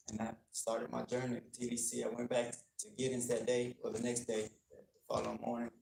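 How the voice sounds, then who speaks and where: Gravelly-voiced man telling his story. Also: medium pitch, a little mellow, a little hiss or hum. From Texas. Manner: earnest, plainspoken, acts out dialogue. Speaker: guest speaker on gang culture. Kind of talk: personal storytelling to an audience. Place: university lecture room. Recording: echoey room, faint clicking.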